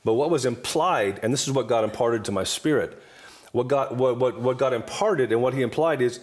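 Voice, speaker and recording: A man's voice: mid-range voice, brisk. A man in his fifties, a guest minister, talking in an emphatic, repetitive preaching cadence during a table talk. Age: 50s.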